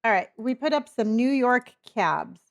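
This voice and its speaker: A woman with a slightly high-pitched voice streams a game in a casual, chatty way. She keeps up playful, gently teasing commentary and thanks viewers by name, calling them honey and dear. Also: animated, a little slow, vocal fry, dry recording. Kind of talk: casual live-stream chat while playing.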